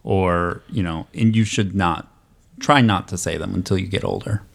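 A man with a low, gravelly voice chatting casually. He is a father and explains things patiently, in a laid-back way. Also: moderate pace. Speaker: parent. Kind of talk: casual chat.

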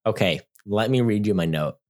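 A man co-hosting a casual movie review podcast, jokey and animated, often laughing and dropping to low mutters. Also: fairly quick. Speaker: podcast co-host.

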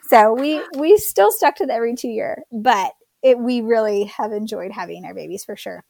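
A woman's voice: on the high side, animated, moderate pace, vocal fry, few pauses, no room sound. Chatty woman telling a birth story. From Florida. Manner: chatty, many fillers and likes, warm storytelling. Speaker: guest mother telling her birth story. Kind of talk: casual conversational storytelling.

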